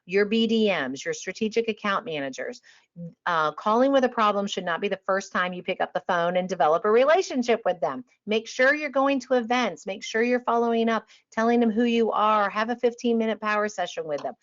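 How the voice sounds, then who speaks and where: A woman giving a passionate, emphatic talk to travel advisors, sometimes dropping to a calm, quiet voice. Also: fairly quick. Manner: energetic and emphatic, drops to a calm low voice to demonstrate. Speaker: industry trainer on a webinar panel. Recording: dull lo-fi online audio.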